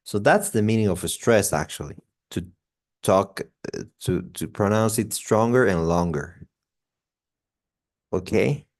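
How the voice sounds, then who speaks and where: A man's voice: lowish voice, expressive, a little slow, long pauses, a little mellow. A man teaching an English grammar class, explaining step by step with many fillers and restarts.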